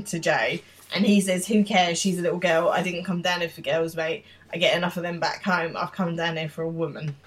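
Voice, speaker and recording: Podcast co-host recapping scenes. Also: medium pitch. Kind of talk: casual episode recap.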